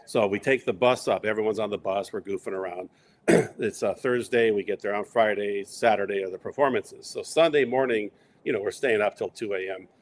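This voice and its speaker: A middle-aged man with a lowish voice tells rambling anecdotes, slipping into quoted voices of friends as he goes. Faint background ambience sits under the talk. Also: a little fast, slight background noise. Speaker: interview guest. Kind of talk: casual storytelling.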